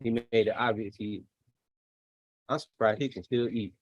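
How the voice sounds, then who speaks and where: A man casually commenting on a video he is watching, relaxed and chuckling often. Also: fairly low pitch, moderate pace, no echo, dull audio. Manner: laid-back, chuckling often. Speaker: streamer reacting to a video.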